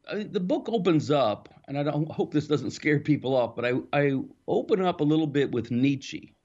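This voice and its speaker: A man, an author being interviewed, explaining his ideas in a thoughtful, storytelling way with the odd soft laugh. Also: fairly high pitch, dull audio. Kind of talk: reflective interview answers.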